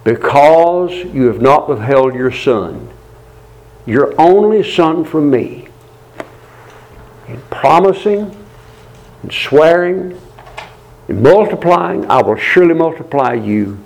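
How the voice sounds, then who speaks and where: A man voicing the angel of the Lord calling from heaven, with a solemn, measured delivery. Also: fairly high pitch, expressive, vocal fry, darkish tone, exaggerated voice, low-quality recording.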